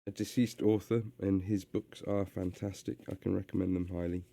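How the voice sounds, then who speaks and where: A man reading a story aloud and chatting on a live stream, relaxed with many hesitations. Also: deep voice, moderate pace, vocal fry, dry recording.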